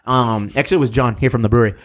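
Racing along with fairly even intonation at medium pitch, a thirtysomething male co-host tells rowdy stories on a podcast. The storytelling chat is casual, peppered with laughs, profanity and Spanish slang.

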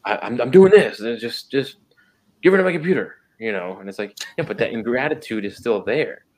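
A man's voice: medium pitch, lively intonation, brisk. A man talking earnestly in a casual faith discussion, restarting sentences and firing off rhetorical questions.

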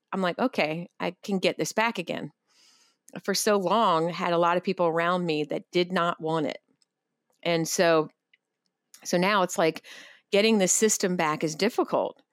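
A woman's voice: lowish voice, clear, resonant tone, dry recording, clean studio sound. A woman co-hosting a casual podcast, talking candidly and bluntly, with some casual swearing.

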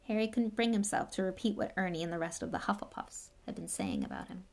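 Female audiobook narrator, steady and even. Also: on the low side, fast. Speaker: audiobook reader. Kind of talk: storybook narration.

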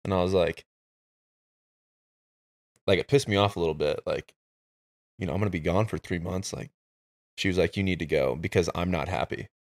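A man with a notably low, deep voice shares a personal story on a podcast. He talks in a candid, reflective way, with loose and unpolished phrasing. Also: normal speed, long pauses. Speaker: podcast host. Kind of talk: casual conversation.

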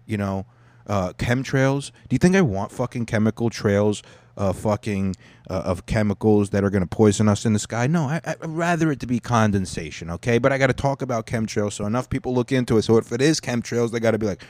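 Rambling joking podcast man, low voice. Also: a little fast, a little mellow, no echo. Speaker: podcast host. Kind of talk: casual rambling podcast talk.

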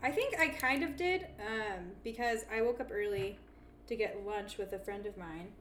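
A woman's voice: mid-range voice, moderate pace, a bit bright, a little hiss or hum. A young woman co-hosting a podcast in casual chat, chatty and giggly, with frequent fillers. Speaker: podcast co-host.

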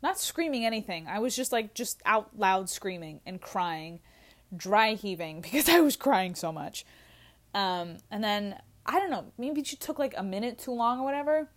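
A young adult woman tells a story casually, candid and animated. She swears freely and laughs at her own expense. She has had a few drinks. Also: mid-range voice, moderate pace. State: drinking while talking.

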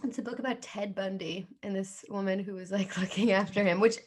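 A woman's voice: mid-range voice, steady tone, a little fast, a little mellow, slightly rough. A woman with a New Jersey accent co-hosting a podcast, chatting casually and rambling with plenty of "like" fillers. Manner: rambling, heavy use of "like". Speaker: podcast co-host. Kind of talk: casual chat.

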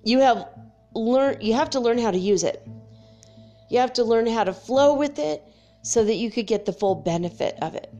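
A woman's voice: on the high side, animated, moderate pace, warm tone, dull audio, soft background music. A woman talking candidly to her viewers about faith and her past, emotional and laughing often, sometimes swearing. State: tearful at times. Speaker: spiritual vlogger. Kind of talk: casual confessional talk to viewers.

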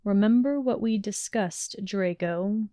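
Woman reader doing a cold professor: slow, thick, condescending, clean dry read. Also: medium pitch, warm tone, no echo, lightly acted. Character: cold condescending middle-aged male professor. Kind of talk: fan fiction audiobook reading.

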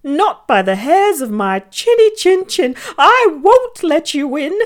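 A woman voicing a frightened little male pig who talks back bravely in a high voice. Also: sing-song, slow, exaggerated voice. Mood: defiant. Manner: high squeaky cries.

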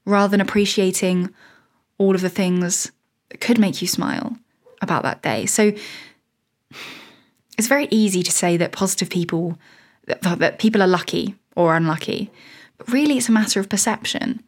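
A woman in her thirties talks through a solo podcast episode in a loose, chatty way. She drifts onto tangents and laughs at herself along the way. Her voice sits at a middling pitch for a woman. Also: moderate pace, pauses often. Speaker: podcast host. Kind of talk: casual solo podcast monologue.

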